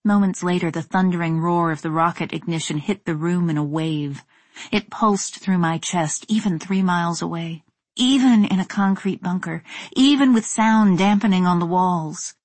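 A woman reading a first-person story in a measured, tense narrating voice. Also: lowish voice, no room sound. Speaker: audiobook narrator.

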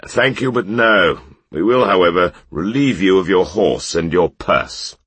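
A bandit leader with a dark beard who sneers with exaggerated politeness, voiced by a man. The tone is husky and raised above the deep narrator voice, with a close, dry sound. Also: measured pace, no room sound, exaggerated voice. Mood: mocking. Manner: mock-courteous, jeering.

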